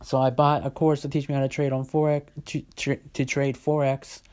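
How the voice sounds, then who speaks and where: A man's voice: mid-range voice, flat delivery, a little fast, darkish tone. Man in his twenties, casual vlogger, rambling, filler-heavy, swears a lot. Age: 20s. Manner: rambling, lots of "like", swears freely. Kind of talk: casual storytelling vlog.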